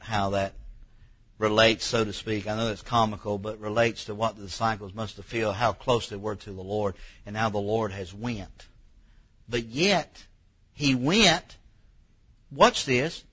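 A man's voice: fairly low pitch, a bit bright, breathy edge, rough recording. A man in his thirties preaching a sermon in church, folksy and emotional, telling personal stories that rise toward tears. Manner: folksy, emotional storytelling, rising to near tears. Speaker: pastor.

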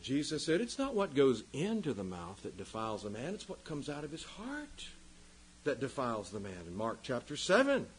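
Husky male pastor, lively pitch swings, fiery sermon style. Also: moderate pace, low-quality recording. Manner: impassioned, swings from loud emphasis to quiet. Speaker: preacher.

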